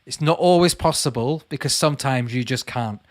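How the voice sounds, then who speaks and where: Hosting a relaxed livestream, this man reads out what viewers write and chats back, addressing them as "mate." His voice is medium-pitched and fairly quick, and the recording is dry.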